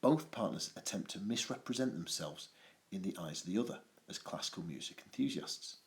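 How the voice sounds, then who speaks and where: A man's voice: sits low, expressive, a little fast. A male English teacher with an adenoidal voice, talking through a poetry analysis with playful, jokey asides.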